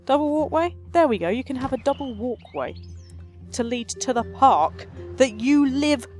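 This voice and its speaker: A woman's voice: fairly high pitch, lively intonation, unhurried, a little mellow. A woman doing casual gameplay commentary as a let's play host, chatty and sarcastic, talking back to the game, with faint music behind her.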